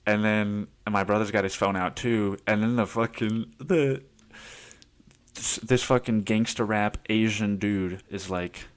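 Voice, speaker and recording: Low-voiced man rambling through a story. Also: fairly even intonation, a little slow, clean tone. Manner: rambling, laughs often, swears freely. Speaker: podcast host. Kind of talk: casual storytelling monologue.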